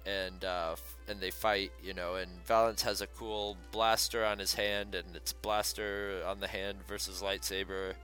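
Bright-voiced man rambling through a story. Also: low-pitched, flat delivery, unhurried, few pauses, faint music behind. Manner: rambling retelling with many fillers. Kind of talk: casual chat.

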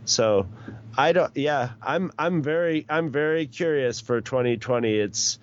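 A man's voice: mid-range voice, unhurried, slight background noise. A middle-aged man in casual chat, rambling along with many restarts and chuckles. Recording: dull lo-fi recording.

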